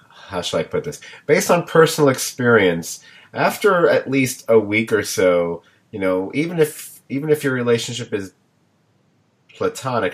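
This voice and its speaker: Lively joking male podcast host. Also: medium pitch. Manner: lively, joking, leads the talk. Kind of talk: casual panel chat.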